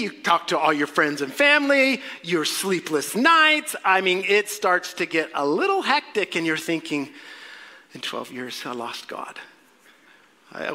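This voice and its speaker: Man, pastor, sermon, bright forceful voice, somewhat high pitch, lively storytelling, hushed asides.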